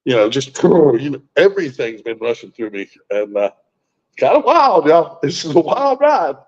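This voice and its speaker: A man's voice: on the high side, sing-song, normal speed. A man in his sixties telling a personal story in a folksy, blunt way, swearing freely and often restarting his sentences. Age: 60s. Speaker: guest. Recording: muffled lo-fi recording.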